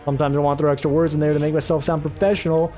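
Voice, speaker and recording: A man's voice: a little high, flat delivery, rapid-fire, over music. A man casually commentating his own game playthrough, rambling, tripping over his words and swearing offhandedly. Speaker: let's play host.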